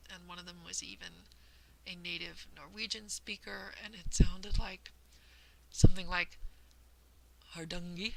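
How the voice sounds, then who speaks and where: A woman's voice: fairly low pitch, vocal fry, slight background noise, low-quality recording. A woman hosting a cross-stitch vlog, chatting casually and explaining things carefully with a self-deprecating touch. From United States.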